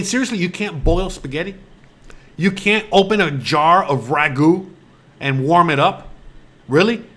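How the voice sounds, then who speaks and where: Exasperated high-voiced man ranting. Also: fairly bright tone. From United States. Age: 40s. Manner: rambling, heavy on fillers and restarts. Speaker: host. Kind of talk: casual rant to camera.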